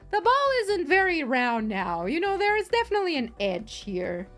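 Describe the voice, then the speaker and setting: Woman livestreamer, casual crafting chat, bouncy and animated, giggly and rambling. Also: sits high, unhurried, faint music behind. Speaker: streamer.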